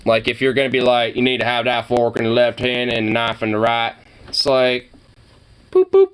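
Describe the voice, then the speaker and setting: A man's voice: mid-range voice, monotone, a little fast, a bit bright, clear, resonant tone. A man from Oregon giving casual reaction commentary, rambling, swearing freely and laughing often. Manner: rambling, profane, laughs a lot. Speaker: reaction video host.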